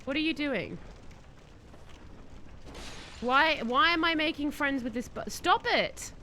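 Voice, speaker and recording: A woman streaming a game, possibly, chatting excitedly and answering her chat as she plays. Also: high-pitched, slow, a little hiss or hum. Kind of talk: live-stream gameplay chat.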